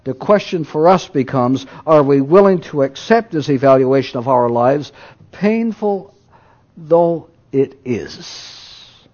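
A man preaching a sermon, moving between loud emphatic declarations and hushed low asides. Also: lively intonation, slow pace, muffled recording.

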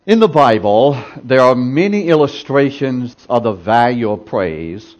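Male preacher, mid-pitched, emphatic repetition, calls for congregation responses, dull muffled recording. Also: darkish tone. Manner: emphatic, repeats phrases for effect. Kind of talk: sermon.

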